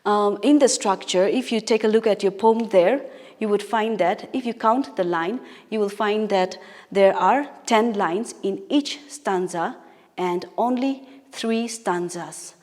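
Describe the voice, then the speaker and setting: A woman teacher gives a recorded English lesson, talking slowly and deliberately. She explains patiently, step by step, with fillers and quick self-corrections. Her voice rings with a long reverb, as if recorded in a large hall. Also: mid-range voice, darkish tone.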